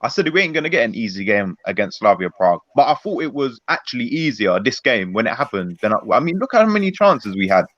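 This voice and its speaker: A man's voice: mid-range voice, sing-song, fast talker, few pauses, fairly bright tone, no room sound. A man giving an angry, rambling post-match reaction on a football chat stream. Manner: fuming, rambling, emphatic. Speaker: Arsenal fan panelist. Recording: dull lo-fi call audio.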